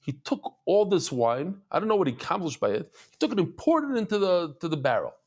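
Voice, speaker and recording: Man, Talmud teacher, slightly high voice, animated storyteller who acts out the voices. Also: brisk. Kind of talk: lively Talmud class.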